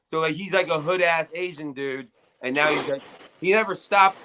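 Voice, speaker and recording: A man hosting casual talk, his voice bright and forward. He rambles through stories with plenty of fillers and swearing. The voice sits a bit high for a man. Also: normal speed, a little hiss or hum, rough recording. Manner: loose, profane storytelling with many fillers. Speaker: armwrestling show host and competitor. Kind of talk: casual chat.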